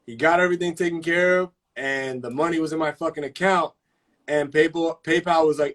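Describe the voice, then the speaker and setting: A man's voice: on the high side, fairly quick. Profane, fired-up man telling stories. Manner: profane, animated storytelling with slang. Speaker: host of live chat. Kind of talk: casual live-stream chat.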